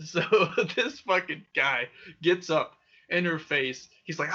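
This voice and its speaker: A young man hosting a podcast, telling wild stories in a casual, profane, animated way with frequent laughter. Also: a little high, a little slow. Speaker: podcast host. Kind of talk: casual storytelling. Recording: dull lo-fi sound.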